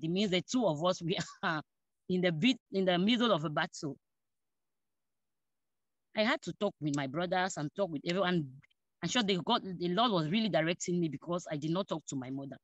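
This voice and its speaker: Woman telling a lively testimony. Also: lowish voice, brisk, no echo. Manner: animated, acts out dialogue, laughs between phrases. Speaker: church member giving testimony. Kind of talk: personal testimony storytelling. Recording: dull dry lo-fi recording.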